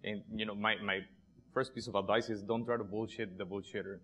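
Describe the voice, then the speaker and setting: A man's voice: fairly low pitch, fairly even intonation, fairly quick, a bit bright. A man on an awards judging panel, blunt and joking in a casual way. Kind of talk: panel discussion.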